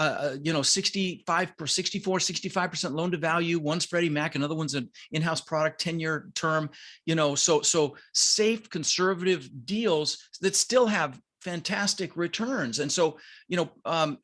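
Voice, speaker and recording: Middle-aged male guest, slightly high voice, emphatic motivator. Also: a bit bright. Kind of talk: casual interview talk.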